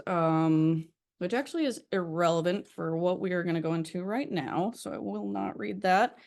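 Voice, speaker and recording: A young woman with a stuffy nose and a slightly breathless voice, leading a study session and reading aloud haltingly with many fillers. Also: on the low side. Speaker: recovery study leader. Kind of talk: casual recorded study session.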